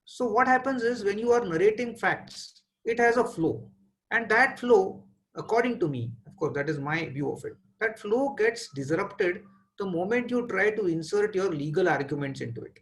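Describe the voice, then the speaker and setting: A man in his forties with an Indian English accent, giving a webinar lecture as a trial lawyer, measured and pausing often with "uh" as he thinks aloud over a video call mic. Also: high voice, animated, a bit bright, poor audio.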